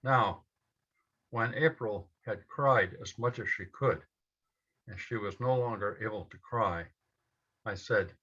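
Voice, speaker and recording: A man telling a personal story to a live audience, slowly and in short measured phrases. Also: fairly low pitch, pushed and bright, slightly rough. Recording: dull lo-fi event recording.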